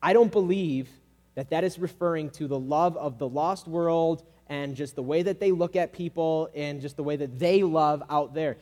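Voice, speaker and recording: Preaching a sermon, a man with a somewhat high voice keeps things relaxed and chatty, sprinkling in "like" and acting out little quotes in different voices. A long reverb carries his voice through the hall.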